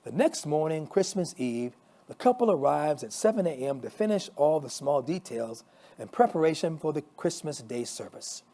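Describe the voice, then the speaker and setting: A male pastor reading a story aloud, expressive, with small restarts. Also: fairly high pitch, normal speed.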